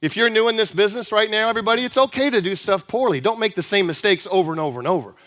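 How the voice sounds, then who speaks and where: A man with a high voice delivers a motivational keynote in a large hall. His words ring with long reverb. He talks in punchy, repeated phrases and keeps questioning the crowd. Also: racing, a bit bright. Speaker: motivational speaker. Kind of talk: high-energy keynote speech to a live audience. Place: large conference room with an audience.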